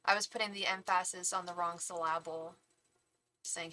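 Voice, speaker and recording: A woman doing a live tarot reading in a bright, clear voice. She chats casually with viewers in animated bursts and restarts often. At other times she softly repeats a chanted invocation. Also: fairly low pitch, moderate pace, poor audio. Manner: chatty and animated, with frequent restarts. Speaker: tarot reader and psychic medium. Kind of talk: casual chat on a live stream.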